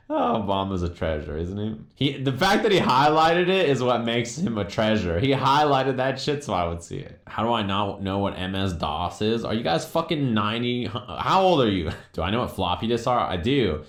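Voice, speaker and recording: A man's voice: mid-range voice, sing-song, normal speed, few pauses. A man live-streaming, chatting casually and profanely, riffing on chat messages and doing mocking impressions. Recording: roomy echo.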